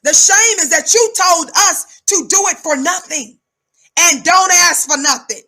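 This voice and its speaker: A woman's voice: a little slow, pushed and bright. A woman giving fiery preaching-style commentary, emphatic and rhythmic, repeating words for effect. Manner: calls herself high-energy.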